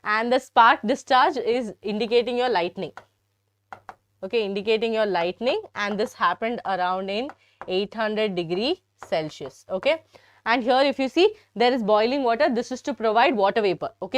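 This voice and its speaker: A woman's voice: a little high, moderate pace. Chatty Indian woman teaching biology. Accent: Indian English. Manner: chatty, teasing, addresses students often. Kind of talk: live online biology lesson.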